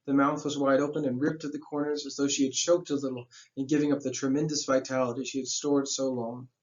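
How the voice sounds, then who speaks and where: A man's voice: mid-range voice, flat delivery, fast, highs cut off. A man reading a novel aloud as a teacher, breaking off for casual asides that explain the plot in plain slang.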